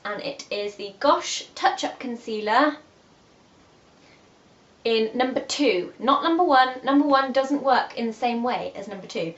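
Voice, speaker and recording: A young woman, chatting and giggling as she talks through her favourite makeup products. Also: fairly high pitch. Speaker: beauty vlogger. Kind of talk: casual chat about makeup favourites. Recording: echoey dull room audio with faint hiss.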